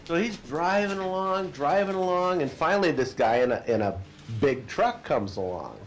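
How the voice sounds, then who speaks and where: Animated man telling a story. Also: on the high side, moderate pace. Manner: animated storyteller, shouts quoted lines, laughs at own stories. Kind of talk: casual anecdote telling.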